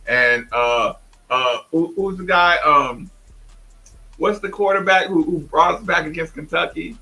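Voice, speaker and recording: A man hosting a sports talk show, emphatic and animated, often imitating others. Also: on the high side, a little slow, rough recording. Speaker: host.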